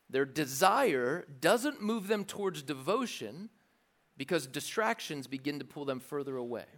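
A man preaching a sermon in a lively, joking way, acting out the voices of the crowd. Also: a little high, moderate pace. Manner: animated, jokey preaching with acted-out crowd voices. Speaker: pastor.

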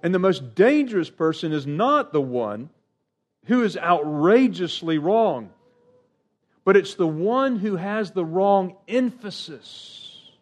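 A middle-aged male preacher with a slightly higher-than-usual voice delivers a sermon. He is earnest and emphatic, jumping up for key points and dropping soft at the ends of phrases. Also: big pitch swings, unhurried. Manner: earnest, emphatic preaching with sudden pitch rises and quiet trailing endings.

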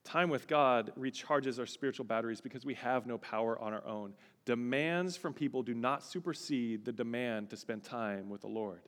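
A man's voice: medium pitch, moderate pace, few pauses, fairly bright tone. A male pastor preaching a sermon, telling a personal story with expression and building to a fervent exhortation. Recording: long reverb, large hall.

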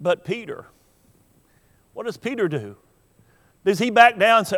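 A man's voice: very high voice, animated, moderate pace, long pauses. A man preaching a sermon in an earnest, emphatic way, acting out the lines he quotes. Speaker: pastor. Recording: long hall reverb.

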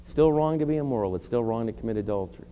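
Middle-aged man, pastor, earnest emphatic sermon, mellow tone, long hall echo. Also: mid-range voice, animated, very fast, dull audio. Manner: earnest, emphatic preaching with confessional asides. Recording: long hall reverb, faint hum.

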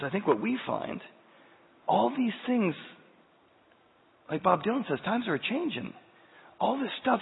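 Husky-voiced male preacher, phone-like and echoing. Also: fairly high pitch. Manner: emphatic, full of rhetorical questions. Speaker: pastor. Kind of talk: sermon. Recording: tinny, phone-like sound with long hall reverb.

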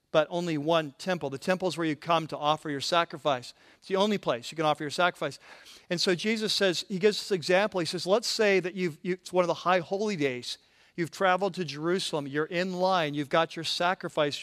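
A man's voice: fairly high pitch, fairly bright tone. A man pastor preaching a sermon in a conversational way, often restarting his phrases.

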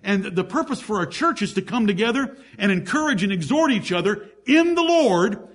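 A man with a notably high voice delivers a sermon from the pulpit. He preaches emphatically, firing rhetorical questions and running through lists of examples. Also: sing-song, moderate pace, fairly bright tone, husky. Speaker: pastor.

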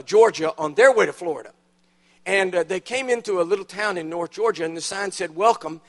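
A high-pitched man delivering a sermon in a church. He tells funny stories with timed punchlines and leans hard on the key words. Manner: storytelling with dramatic punchlines, emphatic rises. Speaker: preacher. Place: church auditorium.

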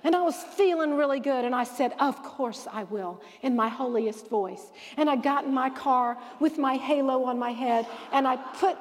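A woman teaching a Bible lesson to a live audience in a lively preaching style, telling stories and acting out the dialogue. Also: sits high, normal speed, hardly any pauses, big-room sound. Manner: animated storyteller who acts out quoted dialogue.

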